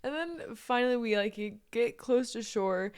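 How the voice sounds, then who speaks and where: A woman's voice: fairly high pitch, lively intonation, a little slow, clear, resonant tone. A young woman co-hosting a podcast, telling a funny story in casual chat, laughing often and swearing freely. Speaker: podcast co-host.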